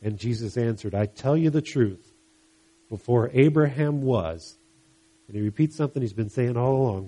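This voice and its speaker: A man's voice: medium pitch, warm tone. A man preaching a sermon, earnest and sometimes emphatic, with frequent restarts. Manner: earnest, rising to emphatic bursts, stumbles and restarts.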